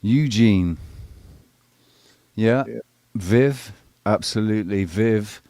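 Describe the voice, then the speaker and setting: Low-voiced male host, crude and rambling, dry mic. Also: slow pace, warm tone, no room sound. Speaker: live show host. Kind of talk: casual live panel chat.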